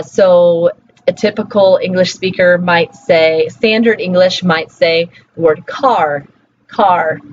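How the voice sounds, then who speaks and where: A woman from Colorado giving a recorded linguistics lecture in a conversational way, with many fillers and checks like "right?". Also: lowish voice. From Colorado, USA. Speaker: linguistics teacher. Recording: slightly dull, faint background hum.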